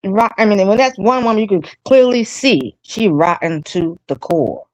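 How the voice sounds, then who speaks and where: A woman's voice: mid-range voice, animated, normal speed, darkish tone, dry recording, muffled recording. A woman co-hosting a casual late-night chat, giving blunt, emphatic opinions.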